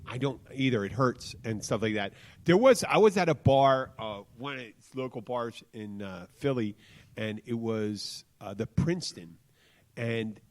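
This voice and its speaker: A man co-hosting a casual talk radio show, telling loose, rambling stories with frequent restarts. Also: mid-range voice. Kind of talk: casual chat, storytelling.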